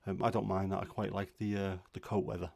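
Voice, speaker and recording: A middle-aged livestream host chats casually from home, grumbling and self-deprecating. His low voice stays level and fast, creaky and a little mellow, with no echo.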